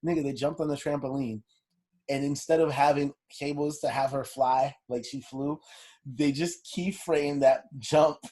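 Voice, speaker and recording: Profane, husky man telling stories. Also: medium pitch, moderate pace. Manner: profane, animated storytelling. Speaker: podcast co-host. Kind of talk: casual chat.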